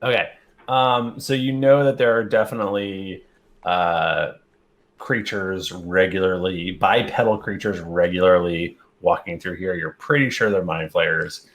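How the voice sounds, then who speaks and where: A man's voice: low-pitched, a little slow, fairly bright tone. A man narrating a tabletop game as game master, hesitant with many ums.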